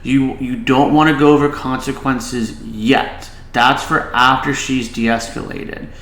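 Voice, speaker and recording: A man's voice: medium pitch, flat delivery, a little slow, a bit bright, reverberant, poor audio. A man, a child behavior specialist, giving casual reaction commentary and advice, with many filler "likes".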